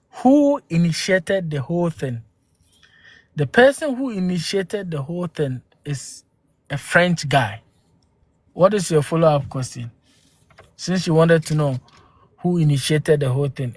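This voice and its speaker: A man's voice: on the high side, animated, measured pace, dry recording. A man from Ghana, hosting a live stream and arguing with viewers through rhetorical questions and exclamations into a phone. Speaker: livestream host.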